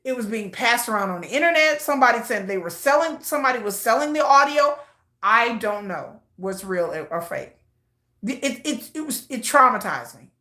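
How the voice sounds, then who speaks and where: A woman's voice: fairly high pitch, expressive, moderate pace, sharp tone, roomy sound. A woman giving casual, emotional commentary, often repeating herself. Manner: emotional, repetitive, restarts often. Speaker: commentary vlogger.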